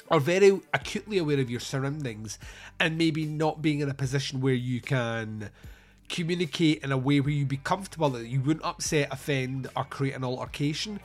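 This Scottish man speaks at a fairly high pitch while chatting casually about films. He rambles through anecdotes and swears freely.

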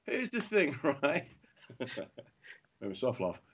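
A man's voice: mid-range voice, wildly swooping pitch, slow pace, noisy background. A man co-hosting a podcast, joking and chatting in a loose, laughing way. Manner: jokey, laughing, chatty, puts on voices in anecdotes. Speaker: podcast co-host. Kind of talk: casual banter. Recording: dull lo-fi recording.

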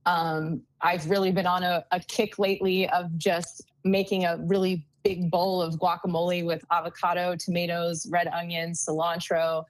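A young woman talking as a guest in a casual interview, relaxed and filling gaps with "um" and "like". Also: lowish voice, moderate pace, few pauses, no room sound, low-quality recording. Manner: relaxed, lots of "um" and "like". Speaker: nutritionist guest.

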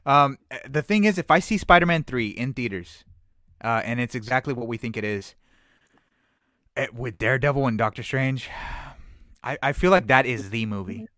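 A man's voice: mid-range voice, moderate pace, pauses often, no room sound, clean studio sound. A man co-hosting a movie podcast, chatting casually and emphatically, repeating his points. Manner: animated, emphatic, repeats phrases. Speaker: podcast co-host.

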